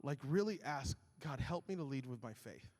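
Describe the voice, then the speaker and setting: A man's voice: mid-range voice, animated, normal speed, darkish tone, in a large hall. A male pastor preaching a sermon, telling stories animatedly and acting out his own grumbling.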